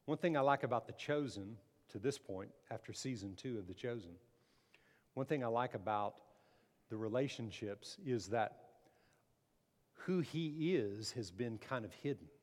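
A pastor preaching a sermon, emphatic and repeating phrases, calling the congregation to answer amen. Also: male voice, medium pitch, expressive, normal speed. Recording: long hall reverb.

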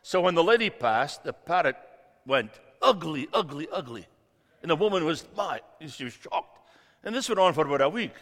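A man in his fifties, a guest preacher giving a sermon in a church, joking and telling stories with big swings in loudness. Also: on the high side, sing-song, a little fast. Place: church sanctuary. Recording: long reverb of a church hall.

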